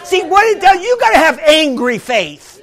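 High-voiced preaching man. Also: moderate pace, a faint crowd. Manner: animated preacher, swings from quiet storytelling to shouted exclamations. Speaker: pastor. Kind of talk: sermon.

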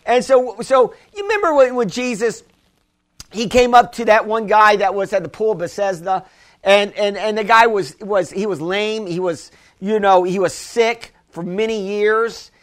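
A pastor with a strikingly high voice delivers a sermon to his congregation at a normal pace. His delivery is loose and conversational, with restarts and side remarks, building to emphatic calls to the church.

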